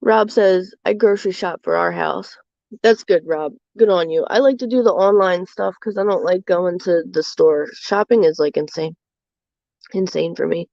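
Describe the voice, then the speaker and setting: A rambling woman streamer, low-pitched and mellow, talks on with plenty of "like" and "um". Her voice is dry and a little dull, as on a lo-fi stream mic. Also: normal speed, dry recording. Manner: rambling and candid, many fillers. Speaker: livestream host. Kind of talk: casual chat.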